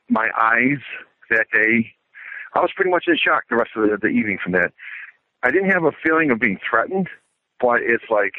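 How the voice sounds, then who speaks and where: A man's voice: lowish voice, dry recording. A middle-aged man calling in, telling a story in a casual, matter-of-fact way, like a military report. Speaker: caller. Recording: tinny phone line.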